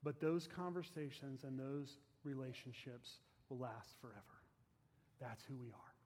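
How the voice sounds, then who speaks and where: Earnest pastor in a reverberant hall. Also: male voice, medium pitch, steady tone, a little slow, slightly rough. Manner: earnest, fervent, drops soft at phrase ends. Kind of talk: storytelling sermon closing in prayer.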